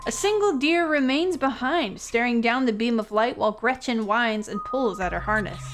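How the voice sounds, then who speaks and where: A woman's voice: on the high side, moderate pace, few pauses, music in the background. Playful woman streamer reading a game aloud. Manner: playful, giggly, animated. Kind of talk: reading a visual novel aloud.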